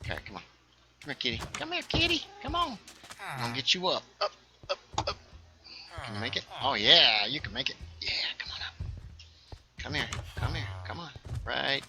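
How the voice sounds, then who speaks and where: A man's voice: mid-range voice, lively intonation, a little fast. A man chatting casually and joking as he streams a video game. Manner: chatty, playful, jokey. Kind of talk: casual gameplay chat.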